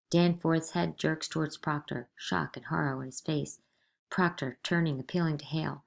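A woman reading the stage directions of a play aloud in a measured, expressive way. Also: sits low, creaky. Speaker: reader.

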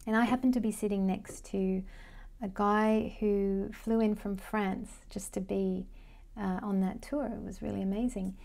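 A woman's voice: medium pitch, gravelly, dark tone. A woman, a Vedic astrology life coach, giving an informal lesson and thinking aloud as she talks through her notes.

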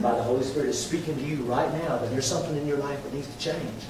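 Man, impassioned sermon, higher voice, very echoey sanctuary heard from a distance. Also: fast talker, hardly any pauses, noisy background. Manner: impassioned preaching, swinging from loud to hushed. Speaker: pastor. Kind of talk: sermon with altar call and prayer. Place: large church sanctuary. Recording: very echoey hall, mic distant.

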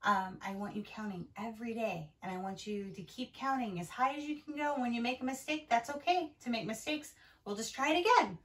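A woman's voice: a little high, brisk, far from the mic, poor audio. A woman teacher reading a picture book aloud to young children, cheerful and encouraging. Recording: voice from away from the mic.

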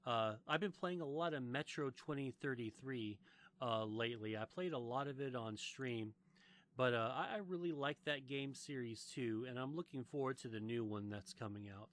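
A man from the United States hosts a loose gaming podcast. His pitch sits in the middle of the usual male range, and his talk is rambling and profane, full of restarts and "uh"s. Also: normal speed, a bit bright. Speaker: podcast host. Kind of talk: casual gaming podcast chat.

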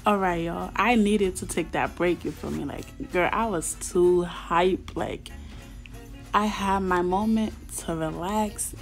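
A woman's voice: lowish voice, slow, soft background music. Slangy, chatty young woman gamer. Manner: slangy, chatty, bursts into excited squeals and shouts. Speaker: gaming YouTuber. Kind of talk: casual gameplay commentary.

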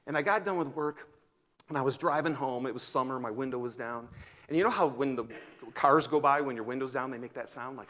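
A man in his fifties, a pastor, preaching a sermon and telling stories, swinging from loud exclamations to hushed near-whispers. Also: fairly high pitch, quick pace. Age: 50s. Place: church sanctuary.

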